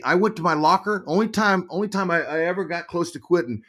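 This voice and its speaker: Middle-aged man, interview guest, casual storytelling, animated, repeats himself. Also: high-pitched, fast. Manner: animated storyteller, repeats words while thinking. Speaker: guest, former pro baseball player and broadcaster.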